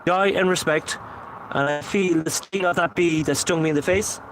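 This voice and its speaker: A man with a fairly high voice sits outdoors at night as a paranormal investigator, calling out to spirits in earnest, repetitive pleas. Clear traffic and urban noise hum behind him throughout the recording. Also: fairly even intonation, normal speed. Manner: repetitive, earnest pleading calls. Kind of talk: solo ghost-hunting vlog, calling out to spirits. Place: outdoors at night, seated on a memorial bench.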